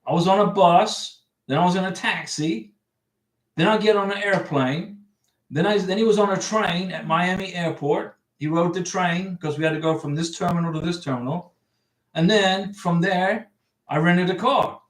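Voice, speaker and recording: A man's voice: high-pitched, moderate pace. A middle-aged man from the United States hosting a casual livestream, answering viewer comments in a chatty, rambling way with frequent restarts. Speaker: livestream host giving visa advice. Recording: echoey room, distant mic.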